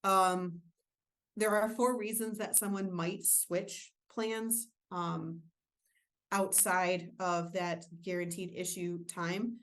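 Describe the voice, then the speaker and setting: A woman's voice: fairly low pitch, little pitch movement, takes it slowly, fairly bright tone. Casual woman teaching an insurance webinar. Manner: casual, self-deprecating asides. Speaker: insurance trainer. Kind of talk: webinar training presentation.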